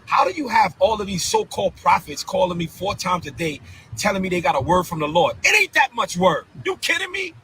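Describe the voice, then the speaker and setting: A bishop ranting on a live stream in a fiery, confrontational preaching cadence, full of incredulous repeated outbursts. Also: male voice, sits high, big pitch swings, a little fast, sharp tone, slight background noise, low-quality recording. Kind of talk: heated live-stream rant.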